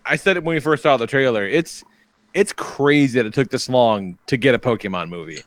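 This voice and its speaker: A man's voice: medium pitch, a little fast, dry recording. A middle-aged man hosting a podcast, telling profane stories and laughing often in casual chat. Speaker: podcast host.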